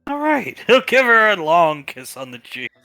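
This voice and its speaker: A young man playing a tabletop role-play game chats playfully, slipping in and out of character with quick asides and laughter. His voice sits high, sing-song, bright and forceful, with no echo and faint music in the background.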